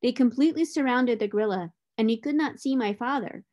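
A woman tutor reading a children's storybook aloud in a clear, expressive way. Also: fairly high pitch, brisk.

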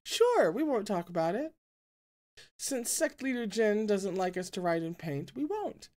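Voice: mid-range voice, big pitch swings, measured pace, a little mellow, voice pushed up. A reader voicing a coy young courtesan who teases and coaxes a drunk patron. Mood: coaxing. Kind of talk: audiobook-style fan reading.

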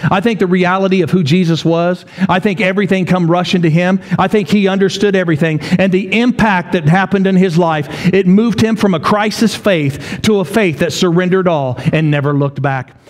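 A man's voice: high voice, normal speed, few pauses. A man in his forties preaching a sermon as pastor, telling a story with rhetorical questions and repetition. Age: 40s. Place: church.

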